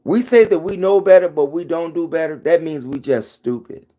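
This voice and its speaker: A man's voice: a little high, animated, normal speed, warm tone. A middle-aged man giving an emphatic, preachy commentary vlog into his phone, hammering his points home by repeating them. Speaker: vlogger.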